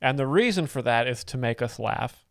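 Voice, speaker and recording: A male host explaining jokes in a deadpan, mock-serious expert manner, often halting over his words. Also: mid-range voice, gravelly, noisy background.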